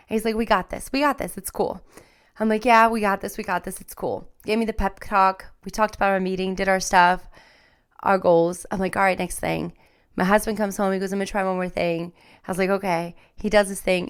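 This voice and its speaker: A woman's voice: mid-range voice, clear, resonant tone. A woman hosting a podcast, telling a candid, emotional personal story in a rambling, self-deprecating way. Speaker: podcast host.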